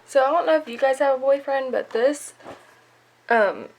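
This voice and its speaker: A woman's voice: sits high, moderate pace. A young woman chatting casually about a novel she is reading, giggling often and filling her talk with "like". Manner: giggly, gushing, lots of filler likes. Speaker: book vlogger. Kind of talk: casual chat retelling a book.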